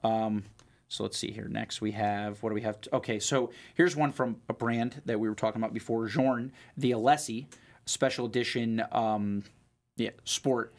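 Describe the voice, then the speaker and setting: A man's voice: lowish voice, fairly even intonation, moderate pace. Guy co-hosting a watch show, casual rambling talk, lots of ums. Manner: rambling, many fillers and restarts. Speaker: watch trader co-host. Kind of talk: casual chat.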